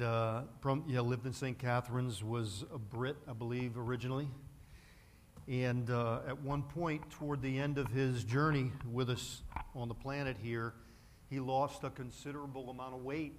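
A man's voice: medium pitch, a little hiss or hum. Rambling preacher man at the pulpit. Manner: rambling storyteller, many fillers and restarts. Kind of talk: sermon with anecdote. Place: church sanctuary at a pulpit.

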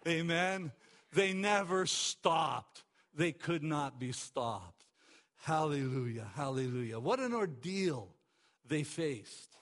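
Male pastor, high-pitched, impassioned sermon delivery with repeated phrases. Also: lively intonation, slow pace. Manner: impassioned preaching, rising to exclamations and dropping to quiet emphasis; repeats words and phrases for emphasis.

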